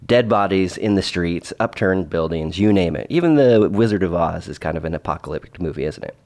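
A man's voice: sits low, animated, a little fast, darkish tone. A man telling a travel story in a casual vlog, rambling with restarts and dry asides. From Oregon, United States. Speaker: vlogger.

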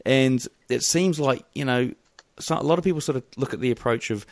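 A man's voice: mid-range voice, fairly quick. A man with a mild New Zealand accent hosts a casual podcast chat. He rambles loosely, and his talk is full of fillers and restarts. The sound is dry and close, with no room echo. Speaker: podcast host.

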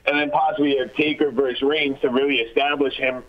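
A man's voice: medium pitch, flat delivery, brisk. A man calling in to a radio show, giving a long run-on explanation with fillers. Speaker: caller. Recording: lo-fi phone line.

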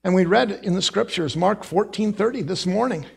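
A man with a Midwest accent preaching a sermon in a church, telling the story with lively acted-out voices and accents. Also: high voice, moderate pace, gravelly, husky. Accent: American Midwest. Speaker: pastor. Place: church sanctuary.

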